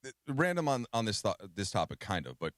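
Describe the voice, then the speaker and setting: A man's voice: lowish voice, very animated, fast, no room sound. A man talking sports on a radio show in a studio, conversational and often restarting his sentences. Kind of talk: casual sports radio discussion.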